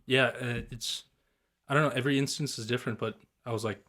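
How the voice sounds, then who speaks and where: A man's voice: mid-range voice, fairly even intonation, fast, pushed and bright. A young man on a podcast, casually telling turkey hunting stories in a rambling, laid-back way, swearing and mimicking the calls. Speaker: guest turkey hunter.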